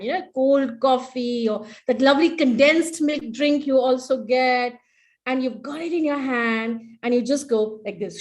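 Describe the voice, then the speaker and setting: A woman's voice: sits high, measured pace. A woman presenting in an online webinar, playful and coaxing, leading the audience through breathing and laughter exercises over a video call.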